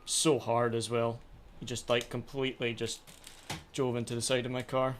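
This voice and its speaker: A man's voice: medium pitch, little pitch movement, normal speed, slight background noise. A man streaming a racing sim live, ranting in frustration at his own races as he plays. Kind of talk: live gameplay commentary.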